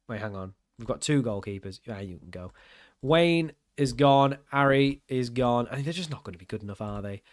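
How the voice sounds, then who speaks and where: A man's voice: fairly high pitch, no echo, clean studio sound. A young man giving casual gameplay commentary, thinking aloud in a puzzled, self-mocking way as he works through his choices. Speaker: gaming channel host.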